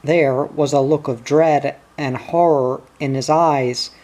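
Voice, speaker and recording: A troubled country wife pours out her worries about her husband at a slow, weighed pace. An audiobook reader voices her in a plain, everyday register with a middle pitch, without a strongly put-on voice. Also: fairly even intonation, darkish tone.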